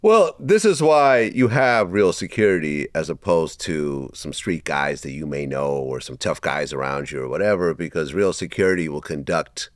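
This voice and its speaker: A man hosting an interview, who mostly reacts briefly and then gives measured comments. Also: a bass voice, lively intonation, no echo, studio quality. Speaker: interview host.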